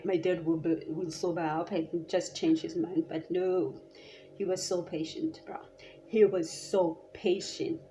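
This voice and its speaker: A young South African woman with a South African accent, telling a story to camera in a casual, animated, chatty way. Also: on the low side. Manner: animated, chatty, lots of filler "like". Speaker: vlogger.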